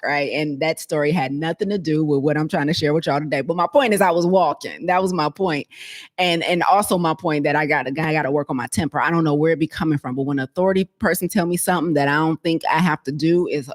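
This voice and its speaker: Woman health coach, low voice, casual chatty monologue. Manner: chatty, storytelling, laughs often.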